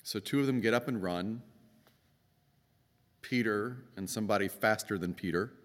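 Man preaching in a reverberant church. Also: moderate pace. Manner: conversational, acts out quoted voices, emphatic swings in pitch. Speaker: pastor. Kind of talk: sermon. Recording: long reverb of a church hall.

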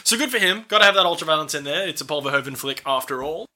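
A man co-hosts a podcast and recaps a film in loose, casual chat. He swears freely, laughs often and acts out lines from the film. His voice sits high and sounds very bright and sharp. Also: expressive, rapid-fire. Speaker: podcast co-host.

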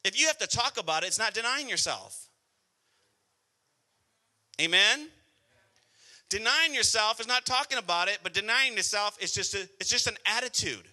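A middle-aged male pastor preaching a sermon, swinging between soft prayer and loud exhortation. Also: sits high, lively intonation, normal speed, long pauses. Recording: music playing behind the voice.

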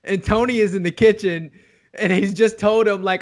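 Male podcast co-host, high-pitched and excitable, casual swearing recap. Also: moderate pace. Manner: excitable, swears, laughs a lot. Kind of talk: casual chat, recapping a TV show.

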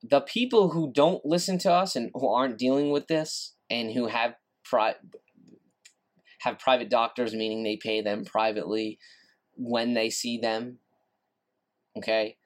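A man's voice: mid-range voice, a little slow. A man hosting a solo podcast, ranting in a frustrated, repetitive way and swearing casually. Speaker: podcast host.

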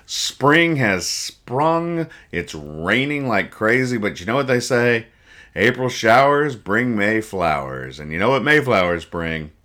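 A man's voice: lowish voice, very animated, takes it slowly, bright, forceful tone. A man hosting a podcast, casually reading comic strips aloud, joking, rambling and explaining each joke. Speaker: podcast host.

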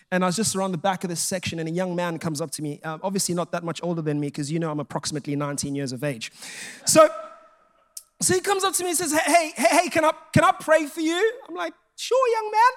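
A man preaching a sermon, telling jokey stories and acting out the dialogue in them. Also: sits high. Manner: animated storytelling, acting out quoted dialogue; jokey and self-mocking.

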